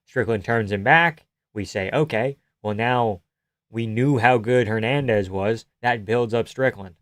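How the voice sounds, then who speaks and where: A man's voice: mid-range voice, measured pace, a bit bright, no room sound. Profane, rambling male streamer, dry sound. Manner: loose, profane, rambling with frequent laughs. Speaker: streamer reading chat. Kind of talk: casual live-stream commentary.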